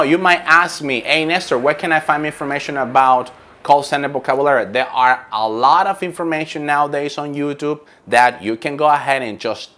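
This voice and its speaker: A man's voice: medium pitch, fairly bright tone. A man who trains call center agents, giving an emphatic coaching lesson and repeating key points.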